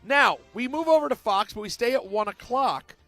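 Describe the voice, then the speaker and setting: Lively, high-voiced sports radio host. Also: male voice, normal speed, no echo, faint music behind. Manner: animated, jokey, slips into silly accents. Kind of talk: sports talk radio chat. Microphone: studio microphone.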